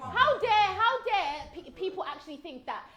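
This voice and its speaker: A woman's voice: extremely high pitch, very animated, normal speed, pushed and bright, a faint crowd. A woman on a dating debate panel, speaking with theatrical indignant outrage.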